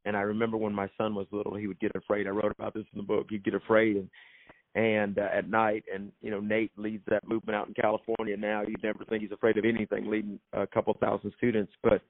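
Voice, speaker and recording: A man's voice: lowish voice, completely flat delivery, fast, no room sound. A man, an author and minister, telling his faith story as a guest in an emphatic, preacherly way and repeating phrases for effect. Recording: thin phone-like sound, dry.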